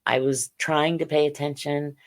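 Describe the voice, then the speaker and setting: A middle-aged woman telling her personal story as an interview guest, halting and earnest, with many "you know"s. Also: sits low, level tone. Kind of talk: personal account in a podcast interview.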